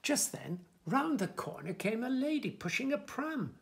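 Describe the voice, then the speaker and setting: Reading a children's picture book aloud, a man sounds gentle and expressive, his slow, gravelly voice ranging widely in pitch as the story unfolds. A little background noise can be heard.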